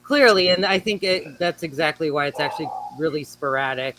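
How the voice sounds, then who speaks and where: Casting note: man with a slightly raised pitch, thoughtful and hesitant, casual chat. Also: fairly quick, a crowd in the background, rough recording. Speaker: panel guest.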